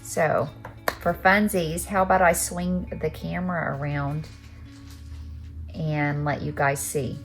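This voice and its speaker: A woman chatting casually to her camera on a tripod in her living room, with a soft, chatty manner. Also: sits low, steady tone, slow, faint music behind. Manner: soft, chatty, coos in baby talk to the kittens. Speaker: knitting vlogger. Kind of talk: casual vlog chat.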